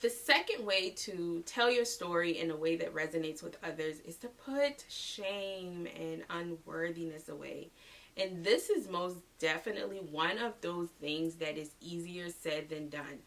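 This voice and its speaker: A woman's voice: on the low side, unhurried, fairly bright tone, far from the mic. A woman in her thirties hosting a motivational podcast, talking casually and slangily to her listeners as y'all. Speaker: podcast host.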